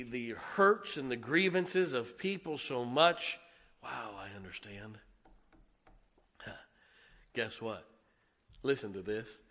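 A middle-aged man preaching a sermon to his church congregation, swinging from shouted emphasis to hushed, tender asides. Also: medium pitch. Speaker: pastor. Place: church sanctuary.

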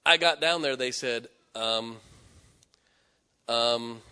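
A man preaching a sermon, telling stories and swelling from hushed tones to loud exhortation. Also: mid-range voice, slow, pauses often, clear, resonant tone. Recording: echoey hall with long reverb.

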